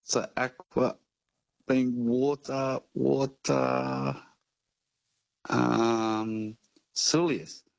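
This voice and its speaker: A man calls in to a radio quiz and works through his answer very slowly and hesitantly. His voice is gravelly, with frequent creak. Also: medium pitch, level tone, poor audio. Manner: slow, hesitant. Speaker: radio caller.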